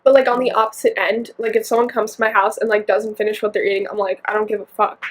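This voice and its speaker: A woman's voice: mid-range voice, fairly even intonation, quick pace. A young woman co-hosting a podcast from a friend's house, chatting casually in a rambling way full of fillers. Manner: rambling, filler-heavy, 'like' often. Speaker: podcast co-host. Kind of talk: casual chat. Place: friend's home.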